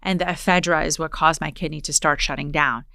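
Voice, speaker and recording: A woman in her forties, born in Poland, hosts a podcast and tells a personal story in a lively, chatty way. Her voice sits on the lower side, smooth and resonant, recorded dry and close. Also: brisk, no room sound. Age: 40s. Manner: storytelling, animated retelling. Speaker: podcast host. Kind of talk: casual conversation.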